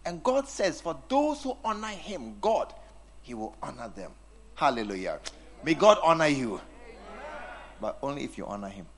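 Animated man preaching. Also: on the high side, normal speed, slight background noise. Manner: animated, teasing, acts out scenes with the congregation. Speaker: pastor. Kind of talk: sermon.

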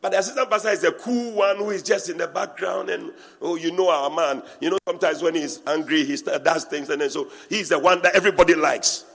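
A man preaches with a husky, somewhat high voice, swinging between hushed asides and loud bursts as he teases and mimics church talk. His words ring out with a long reverb, as though he is preaching in a large church hall. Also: fairly quick, hardly any pauses. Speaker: pastor. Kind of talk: sermon.

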